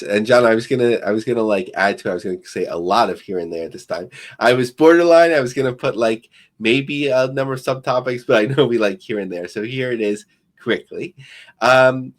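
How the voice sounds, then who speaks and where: A man co-hosting a podcast, talking through business news in a loose, rambling way with many fillers. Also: medium pitch. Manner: rambling, filler-heavy and thinking aloud. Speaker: podcast co-host. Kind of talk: casual podcast commentary.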